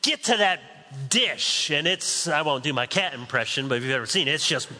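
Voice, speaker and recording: A man preaching to his congregation in a relaxed, conversational way, slipping in humorous asides. His voice sits a little high and is strikingly bright and forceful. A long reverb from the large sanctuary trails every phrase. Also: normal speed. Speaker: pastor. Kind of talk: sermon.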